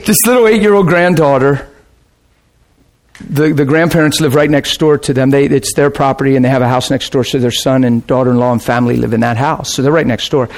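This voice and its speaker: A man preaching as a pastor, telling a story casually with lively swings between low asides and excited high bursts. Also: fairly quick. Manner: casual, rambling, with restarts and laughter. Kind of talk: sermon storytelling.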